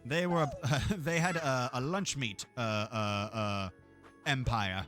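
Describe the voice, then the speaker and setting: A man's voice: medium pitch, takes it slowly, a bit bright, faint music behind. A man streaming a game, chatting casually in a rambling, profane way and laughing often. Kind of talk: casual gameplay chat.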